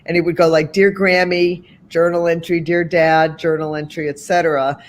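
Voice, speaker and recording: A woman's voice: on the low side, flat delivery, moderate pace. A woman in her sixties from the Boston area, telling a long story as an interview guest, with many asides and restarts.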